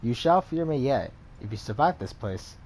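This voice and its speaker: A man reading the lines of an imposing, stern woman in a measured, lowered voice. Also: animated, a little mellow.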